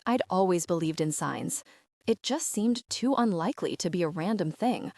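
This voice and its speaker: A woman narrating a first-person romance audiobook in a steady, even voice, read close to the mic. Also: fairly low pitch, moderate pace, dry recording.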